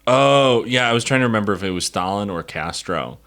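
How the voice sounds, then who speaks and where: A young man with a very low but bright voice co-hosts a casual podcast. His pitch swings a lot as he reacts to his friend with short jokes and dry quips. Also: lively intonation, fairly quick. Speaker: podcast co-host. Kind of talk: casual chat.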